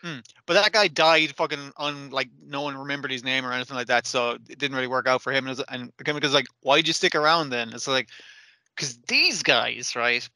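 A man's voice: mid-range voice, fairly quick, sharp tone, dry recording. A man co-hosting an anime podcast, chatting casually, swearing a lot and acting out characters' lines. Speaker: podcast co-host. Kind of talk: casual chat recapping an anime.

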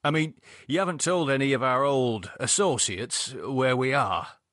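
A man voicing a calm, sardonic man who talks in a wry, teasing, level-headed way, with a husky voice. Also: mid-range voice, unhurried, dry recording, clean studio sound.

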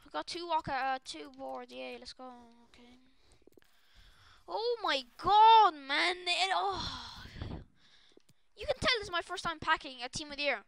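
A young woman streaming a video game live, shrieking and excitable, often breaking into shouts. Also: very high voice, a little slow, creaky, a little hiss or hum. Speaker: gaming streamer.

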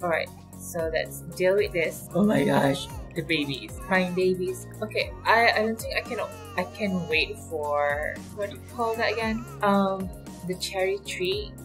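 A woman hosting her own gaming channel, giving casual let's-play commentary. She is chatty and excitable, laughs often, and talks straight to the characters on screen. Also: fairly low pitch, a little slow, few pauses, rough recording. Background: faint background music.

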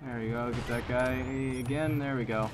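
A man giving live commentary over his own shooter gameplay, excitable and quick to exclaim and groan. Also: mid-range voice. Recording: game gunfire noise behind voice. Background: video game gunfire and explosions.

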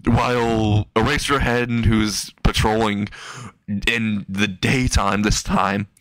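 A man's voice: lowish voice, fairly even intonation, slow, a bit bright, dry recording. A man casually narrating a silly fan-fiction story, rambling with restarts and chuckling at his own jokes.

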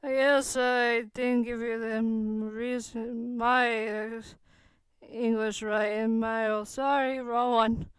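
Gentle young male wizard, voiced by a woman reader, quiet and apologetic, slow delivery. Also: a little high, level tone, smooth, dry recording.

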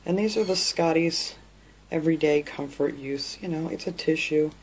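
A woman's voice: deep voice, moderate pace, a little mellow, husky. A woman hosting a casual shopping haul vlog from her home craft room, chatty and rambling with fillers. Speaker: craft channel host.

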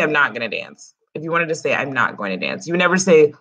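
A woman's voice: low-pitched, big pitch swings, fast talker, a bit bright, lo-fi sound. Woman teaching a class online. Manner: explains step by step, casual teacher talk. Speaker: Spanish teacher.

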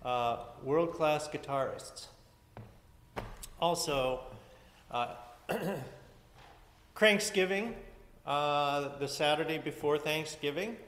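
A man's voice: fairly high pitch, slow, pauses often, a bit bright. A man giving church announcements from the front as pastor, chatty and rambling, with many fillers and restarts. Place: church sanctuary. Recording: echoey hall from far off.

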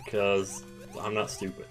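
A man giving casual, excitable commentary while playing a video game, breaking into loud outbursts. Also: on the low side, measured pace, faint music behind. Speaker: let's play gamer.

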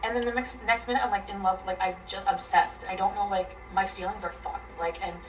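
A woman venting a tangled relationship story, profane and rambling, her voice swinging between loud bursts and near mutters. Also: medium pitch, fairly even intonation, brisk, recorded from a distance, soft background music, poor audio. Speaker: guest telling her story. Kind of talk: emotional venting.

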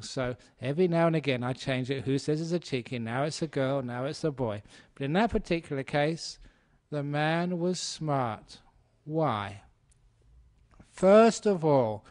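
A man's voice: mid-range voice, a little mellow. A man, a Buddhist monk, giving a humorous dharma talk and telling a story. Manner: storytelling, playful, does animal sounds.

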